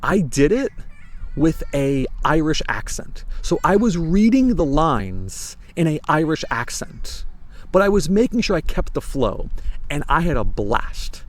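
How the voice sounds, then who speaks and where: A young American man with an American accent, talking casually to camera about a book he enjoyed, animated and rambling with restarts. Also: a little high, unhurried. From United States. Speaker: book reviewer.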